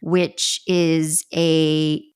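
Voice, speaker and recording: A woman with a low voice hosts a podcast in a loose, casual way. She rambles, restarts her sentences and laughs along the way. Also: flat delivery, drawn-out words, a little mellow, clear, resonant tone. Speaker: podcast host. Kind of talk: casual chat.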